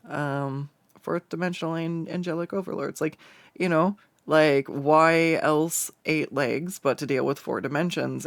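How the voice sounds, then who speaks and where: Streamer, casual chat on stream, giggly and rambling, slight fry, dry close sound. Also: mid-range voice, no echo. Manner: rambling and giggly, many fillers and restarts.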